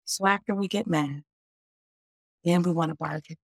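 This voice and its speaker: A woman's voice: on the low side, normal speed, no echo, studio quality. A woman doctor on a podcast explains grief in a conversational way. She often says "like" and voices people's inner questions.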